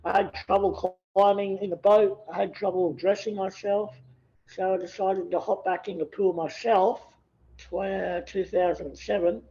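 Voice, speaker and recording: A man's voice: high-pitched, flat delivery, normal speed, creaky, dark tone, muffled recording. A man in his thirties, a podcast guest telling his story in a joking, self-deprecating way and laughing easily. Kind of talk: casual interview chat.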